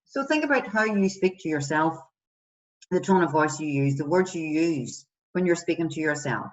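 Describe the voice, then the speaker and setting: A woman's voice: low-pitched, expressive, normal speed. A woman wellbeing coach guiding listeners through a self-compassion exercise, asking many questions and acting out example voices. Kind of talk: guided self-help exercise. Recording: distant, dull lo-fi sound.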